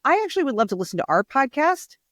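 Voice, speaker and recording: A woman's voice: high-pitched, very animated, fast talker, a bit bright, no echo, clean studio sound. A woman co-hosting a podcast in casual chat, rambling and chatty, laughing often. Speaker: podcast co-host.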